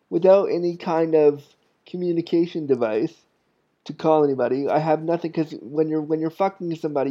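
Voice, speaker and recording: Male podcast host, thirties, candid rambling storyteller, slightly high voice, dull lo-fi audio. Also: dark tone. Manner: candid, self-deprecating, rambling with restarts. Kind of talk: casual storytelling.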